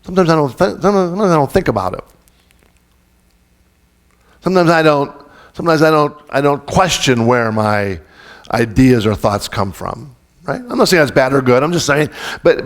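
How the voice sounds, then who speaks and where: A man's voice: on the high side, animated, normal speed. A man preaching a conversational sermon as pastor. He talks informally, restarts sentences often and keeps asking the congregation questions.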